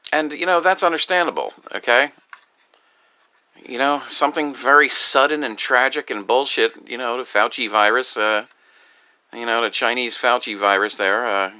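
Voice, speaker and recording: A grieving, upset man talking in a rambling personal vlog, halting and profane, with many restarts. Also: medium pitch, bright, forceful tone, smooth. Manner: halting, profane, full of restarts and "you know". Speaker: video creator.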